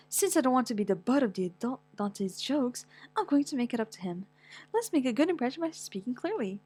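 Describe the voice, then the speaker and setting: Animated young woman reading a manga. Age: young adult. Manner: animated, quick pitch swings, stammers, whiny wails. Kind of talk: expressive dramatic reading. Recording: dry close mic with faint music.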